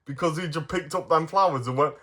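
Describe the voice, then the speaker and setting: A man's voice: a little high, fairly quick, fairly bright tone. A man reviewing toy figures in a casual, playful way, giggling often.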